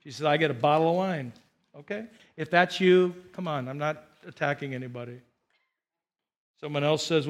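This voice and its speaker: A middle-aged man preaching a sermon as pastor, animated, shifting from quiet asides to loud emphatic lines. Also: a little high, normal speed.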